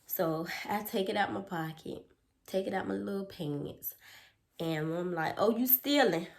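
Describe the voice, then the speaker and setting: A woman telling a childhood story on her vlog, animated and dramatic, with lots of "like". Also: fairly low pitch, measured pace, creaky. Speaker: storytime vlogger.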